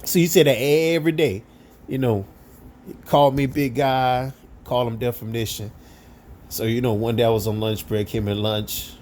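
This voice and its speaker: A man with a mellow, warm-toned voice tells a work story in a loose, conversational way. He rambles and keeps dropping "you know" between phrases, in relaxed everyday slang. A faint hum of room noise sits underneath. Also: mid-range voice, normal speed. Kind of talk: casual spoken storytelling.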